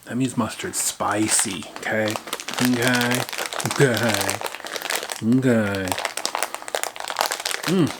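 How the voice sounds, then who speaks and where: A man's voice: on the low side, takes it slowly, pauses often, noisy background. A man casually chatting through a snack taste-test vlog, playful and muttering while he chews. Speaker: vlogger. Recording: crinkling snack bags close by.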